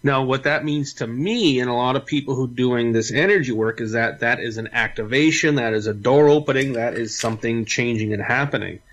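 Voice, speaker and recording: A man's voice: mid-range voice, brisk, few pauses, fairly bright tone, lo-fi sound. A Canadian man co-hosting a radio talk show, explaining in a matter-of-fact way. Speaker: healer and show co-host. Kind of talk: casual radio chat.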